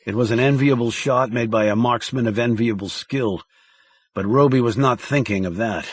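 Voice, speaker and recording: A man reading a thriller audiobook in a measured, dramatic narration style. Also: mid-range voice, slightly rough.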